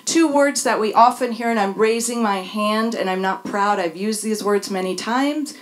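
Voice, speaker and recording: A woman's voice: mid-range voice, moderate pace. A middle-aged woman reading a candid personal essay on stage, wry and dryly humorous. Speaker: speaker sharing a personal story. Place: stage before a live audience.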